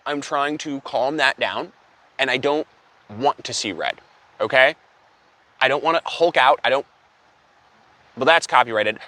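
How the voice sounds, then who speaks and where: A young man telling an absurd story as an exasperated, profane, deadpan comedy rant. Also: mid-range voice, measured pace, long pauses, no room sound. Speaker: comedic vlogger.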